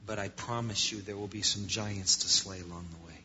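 A man preaching a sermon as pastor, swinging between loud passages and quiet ones. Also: on the low side, fairly even intonation, brisk, slight background noise. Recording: lo-fi muffled sound.

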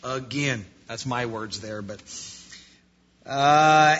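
A man preaching a sermon as pastor, swinging between loud passages and quiet ones. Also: on the high side, lively intonation, normal speed, husky. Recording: lo-fi muffled sound.

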